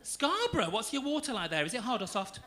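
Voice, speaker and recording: Camp, lively stand-up comedian. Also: male voice, very high voice, fast talker. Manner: camp, cheeky, teasing the audience. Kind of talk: stand-up comedy with crowd work. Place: comedy club stage before a live audience.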